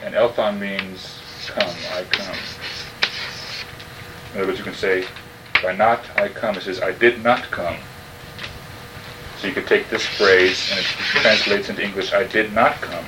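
Speaking in a lowish, fairly even voice, this man teaches New Testament Greek at an unhurried pace with frequent pauses. He patiently explains every word and makes sure the class keeps up, recorded from a distant mic in a noisy room.

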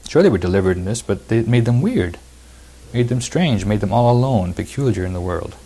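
A man's voice: lowish voice, animated, brisk, mellow, breathy edge. A man preaching a verse-by-verse sermon, reading scripture aloud and explaining it with emphatic repetition.

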